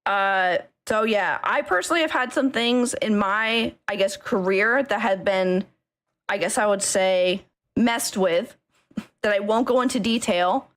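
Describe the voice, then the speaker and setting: A woman ranting angrily on a stream, swearing, repeating herself and tagging lines with okay. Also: mid-range voice. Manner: angry, keeps saying okay, swears, bursts into laughing shouts. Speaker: streamer ranting about a friend group. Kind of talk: emotional rant on stream.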